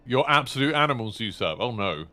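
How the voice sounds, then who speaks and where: Bright-voiced chatty male streamer. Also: mid-range voice, expressive, a little fast. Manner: chatty, rambling, greets viewers by name. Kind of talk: casual live-stream chat.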